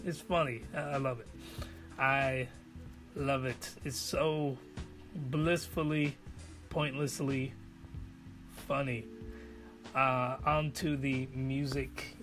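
A man talks through an anime review in a loose, casual way. He rambles and gets enthusiastic, and his voice sits a little high. Faint music plays under him. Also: a bit bright.

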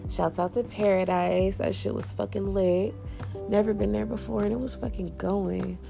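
A woman's voice: mid-range voice, fairly even intonation, normal speed, vocal fry, music in the background. A young woman chatting casually and profanely to her vlog audience, laughing often and saying she is hungover. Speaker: vlogger.

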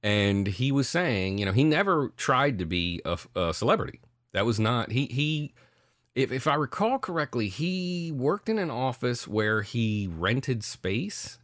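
Telling stories in a casual, profane, animated way, a middle-aged man co-hosts a podcast. His mid-range voice is unhurried, and the studio-quality recording has no room sound.

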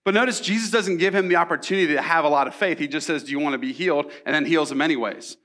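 A man's voice: a little high, fast talker, fairly bright tone. A young man preaching a sermon in a casual, storytelling way, with asides and rhetorical questions. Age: young adult. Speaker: pastor.

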